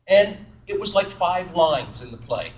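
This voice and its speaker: A man's voice: sits high, measured pace, slight background noise. Chatty man telling stories in a roomy hall. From New York State, USA. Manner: chatty, animated storyteller, self-deprecating, acts out quoted voices. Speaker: actor answering fan questions. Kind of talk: casual storytelling at a Q&A panel.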